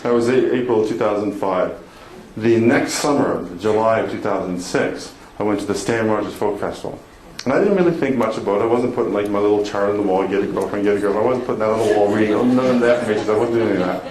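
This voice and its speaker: A motivational speaker with a lowish, darkish-toned voice talks fast as he tells a personal story to an audience in a conference hall. He mixes laughter, self-deprecating humor and emotion, and the echoey hall carries room noise.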